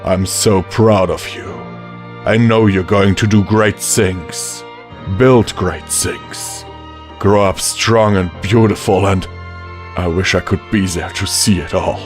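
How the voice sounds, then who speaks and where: A man voicing a gentle, dying stallion father who speaks softly and tenderly, as an audiobook character. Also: low voice, fairly even intonation, takes it slowly, faint music behind. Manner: soft, tender and quiet.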